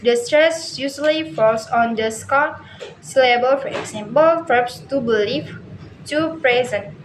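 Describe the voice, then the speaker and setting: A woman presenting a prepared explanation aloud. She reads haltingly, often stumbling and restarting words. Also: sits high. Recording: echoey room, faint background hiss.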